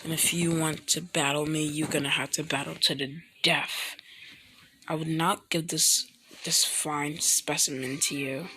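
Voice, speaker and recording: A woman's voice: low-pitched, flat delivery, measured pace, sharp tone, slight background noise. A woman voicing a brash, cocky teenage ninja boy with a boastful, teasing manner, over background music. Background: music playing.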